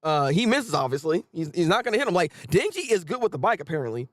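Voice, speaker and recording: Animated, high-voiced man reacting casually. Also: fast, no room sound. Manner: chatty, animated, stammering restarts. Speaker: manga reaction host.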